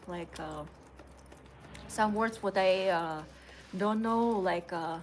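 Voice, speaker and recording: A woman with a Russian accent, a native Russian speaker, chatting on a livestream in halting English with many fillers and giggles. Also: mid-range voice, a little hiss or hum. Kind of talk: casual livestream chat.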